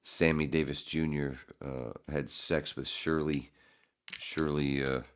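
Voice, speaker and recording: A man's voice: rumbling low, little pitch movement, slow, smooth. A man hosting a podcast, telling a rambling, profane, self-mocking story full of restarts. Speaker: podcast host. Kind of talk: casual chat.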